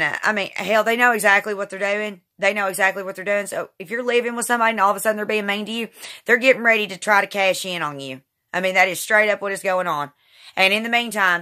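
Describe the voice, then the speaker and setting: A woman's voice: medium pitch, pushed and bright. Indignant rambling woman. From Kentucky, USA. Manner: rambling, repetitive, indignant storytelling. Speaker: vlogger. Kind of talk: casual monologue to camera.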